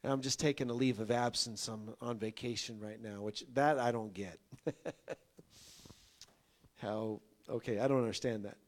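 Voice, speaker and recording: Male pastor, conversational sermon storyteller, mid-pitched, climbs to forceful emphatic lines. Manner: folksy, builds to emphatic peaks.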